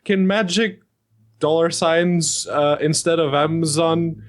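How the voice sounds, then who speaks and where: Young guy on a podcast, kinda high voice, easygoing, laughs a lot. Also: steady tone, takes it slowly. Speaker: podcast co-host. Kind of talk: casual podcast chat.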